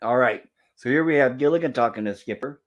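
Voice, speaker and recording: A man's voice: mid-range voice, quick pace, lo-fi sound. Chuckling man rambling through an episode recap. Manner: rambling, chuckling, leans on "and of course". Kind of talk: casual episode review chat. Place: home.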